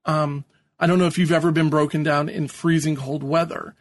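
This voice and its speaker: A man's voice: fairly high pitch, flat delivery, fairly quick, dry recording. A man co-hosting a podcast in casual chat, hesitant, with many ums and laughs at himself. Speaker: podcast co-host.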